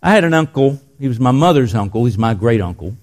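An older man delivers a sermon with a storyteller's pace, his mid-range voice often falling to a hushed, intense murmur. He speaks from a church pulpit. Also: expressive, quick pace. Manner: storytelling, dropping to soft intense lows. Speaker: pastor.

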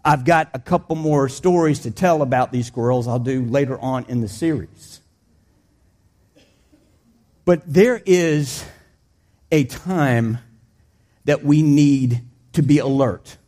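A pastor telling a personal story in his sermon, animated and conversational, his voice climbing high when the story gets exciting. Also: a little slow, pauses often. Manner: plain, conversational preaching with restarts.

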